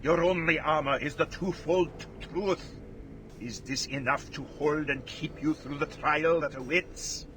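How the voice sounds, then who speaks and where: Slow taunting torturer, voiced by a man. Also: a little high, natural voice. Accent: put-on German. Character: menacing male torturer of a dark cult. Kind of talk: video game voice acting. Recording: game audio with clear background noise.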